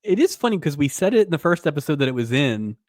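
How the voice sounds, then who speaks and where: Lively, laughing male podcast co-host. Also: on the high side, fast talker, no room sound, studio quality. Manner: laughs often, retells scenes with put-on voices. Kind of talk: casual recap chat.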